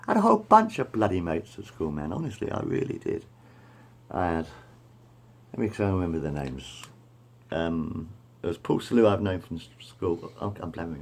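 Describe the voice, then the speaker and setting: A middle-aged man rambles through school memories, repeating himself and correcting his details as he goes. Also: low-pitched. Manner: repetitive, meandering, self-correcting. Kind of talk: rambling personal storytelling.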